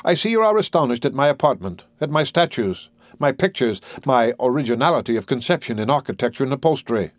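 A man's voice: mid-range voice, expressive, quick pace, no room sound, lightly acted. A man voicing an eccentric wealthy host who swings from mocking laughter to musing cordiality in a storybook reading. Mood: flamboyant. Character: eccentric wealthy male host, theatrical and mercurial.

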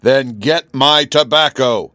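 A man reading an audiobook voices a furious, bellowing male gnome king who shouts his commands. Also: fairly low pitch, expressive, normal speed, dry recording, clean studio sound, lightly acted. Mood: roaring.

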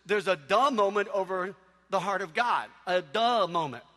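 A man preaching a sermon in a church, telling humorous stories with animated delivery. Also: sits high, normal speed, big-room sound.

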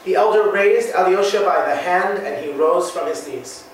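A man narrating a classic novel in a measured, solemn way. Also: sits high. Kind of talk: audiobook reading of a classic novel. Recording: very echoey room, mic far off, faint hiss.

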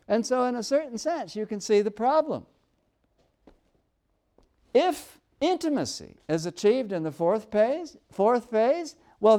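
A male professor lecturing to his class, with a voice that rises and falls in a lively, animated way. He thinks aloud as he goes, stopping and restarting his sentences, and reads quoted passages aloud. His voice sits a little higher than most men's. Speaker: university professor. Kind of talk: university lecture.

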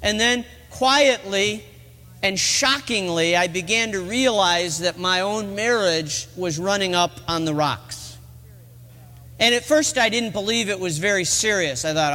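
A man's voice: high-pitched, unhurried, bright, forceful tone. A middle-aged man preaching a sermon in a church, telling the story earnestly and rising to emphatic peaks. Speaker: pastor. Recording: long reverb of a large hall.

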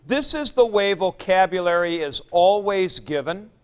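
A man's voice: high-pitched, animated, a little slow, smooth. A man teaching a classroom lecture, patiently explaining step by step and repeating forms aloud at the board. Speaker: Greek teacher.

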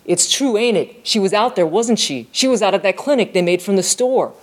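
A woman's voice: mid-range voice, lively intonation, brisk, darkish tone, voice pushed up, lightly acted. A woman voicing a sneering schoolboy bully who goads a poorer boy, her voice raised a little above her own. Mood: taunting. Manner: sneering, goading schoolyard taunts. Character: taunting boy bully, police chief's son.

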